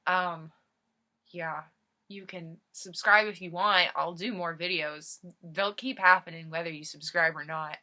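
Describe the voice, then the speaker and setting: A young woman ad-libbing a comic story for her video, rambling along with giggles and fillers. Her voice is bright and clear, and her pace is slow and loose. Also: fairly low pitch, steady tone. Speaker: comedy video host.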